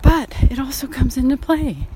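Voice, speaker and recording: A woman's voice: sits high, animated, moderate pace, noisy background. A woman painter talking frankly while walking outdoors, sighing and swearing casually, a bit out of breath. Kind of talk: casual vlog monologue.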